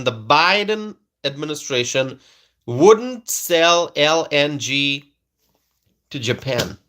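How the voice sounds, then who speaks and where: A man with a bright, forceful, fairly high voice hosts a casual livestream from a home setup. He talks slowly and emphatically, repeats his phrases and keeps turning to his audience with questions. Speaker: livestream host reading viewer comments. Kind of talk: casual political livestream chat.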